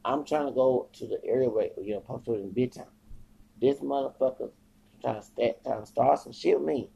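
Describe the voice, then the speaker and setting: A man with a gravelly, husky voice rants through an agitated, profanity-laced podcast monologue. He circles back and repeats himself as he goes. The recording sounds dull and lo-fi. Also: mid-range voice, normal speed, dark tone. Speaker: podcast host. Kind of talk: rambling casual monologue.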